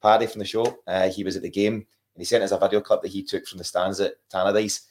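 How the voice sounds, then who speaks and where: A man hosts a relaxed podcast chat about football. He talks at a brisk clip in a fairly low voice and keeps the talk moving with questions. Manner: quick, animated, asks questions. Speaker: podcast host.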